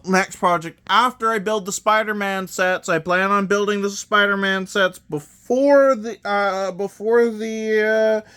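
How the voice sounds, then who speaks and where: A man with a slightly high voice talks through a toy set review at a slow, unhurried pace. He rambles, makes wry self-deprecating asides and keeps drifting off topic. The sound is dry and close. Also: pushed and bright, smooth, no room sound.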